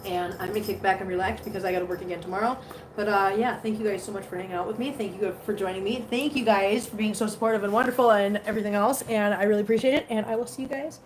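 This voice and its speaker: A woman's voice: medium pitch, fairly even intonation, quick pace. Chatty woman live-streaming at home. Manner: chatty, laughs often, coos at kittens. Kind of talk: casual live-stream chat with cats. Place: home living room. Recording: roomy home sound with faint background hiss.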